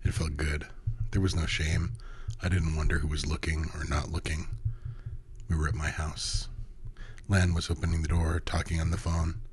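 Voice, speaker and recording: A man narrating a first-person story in an intimate, hushed way, often dropping to a whisper. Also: a bass voice, level tone, moderate pace, husky.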